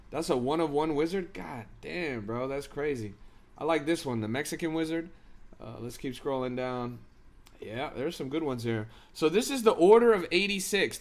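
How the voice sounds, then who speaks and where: A man hosting a crypto live stream, giving hyped, slangy commentary and talking straight to his chat. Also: a little high. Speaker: crypto livestream host.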